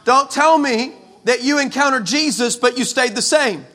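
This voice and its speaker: A man from El Paso preaching a comic storytelling sermon, animated and sarcastic, with many stammered restarts. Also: very high-pitched, moderate pace. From El Paso, West Texas, USA. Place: church.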